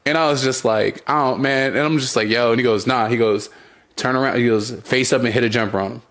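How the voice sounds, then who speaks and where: A man's voice: medium pitch, moderate pace, a bit bright. A young man co-hosting a podcast, telling stories in a loose casual chat, laughing often and swearing freely. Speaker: podcast co-host.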